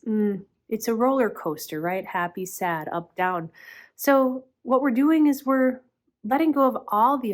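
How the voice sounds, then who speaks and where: A middle-aged woman giving a reflective spiritual talk, earnest and unhurried, often pausing with "um". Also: medium pitch. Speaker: spiritual teacher.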